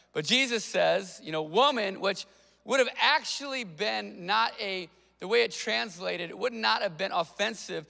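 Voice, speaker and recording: Casting note: male pastor, high bright voice, animated sermon delivery, long hall reverb. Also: gravelly. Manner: conversational, animated preaching with quick asides.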